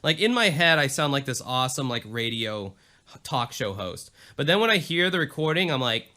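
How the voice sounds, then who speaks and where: A man's voice: medium pitch, sing-song, a little fast, bright, forceful tone. A young man co-hosting a podcast, reading reviews aloud in a loose, self-deprecating way and swearing freely. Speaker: podcast co-host.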